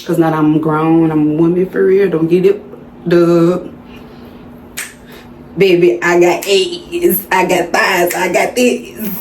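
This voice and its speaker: A woman's voice: fairly low pitch, little pitch movement, slow pace, darkish tone, a little hiss or hum. A woman, chatting playfully and straight to her viewers in a casual vlog. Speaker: vlogger. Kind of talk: casual chit-chat vlog. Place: indoors under hot lights. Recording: roomy indoor sound with faint music.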